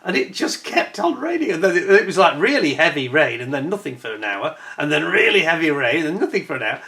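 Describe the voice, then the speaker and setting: A man chatting casually to camera, telling a personal anecdote in an animated way with frequent restarts and laughs. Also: fairly high pitch, fairly quick. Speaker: vlogger.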